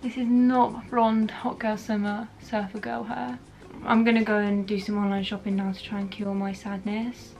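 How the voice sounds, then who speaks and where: A woman's voice: medium pitch, little pitch movement, moderate pace, vocal fry, a little mellow. A young woman, chatting frankly to camera in a casual vlog. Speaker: beauty vlogger.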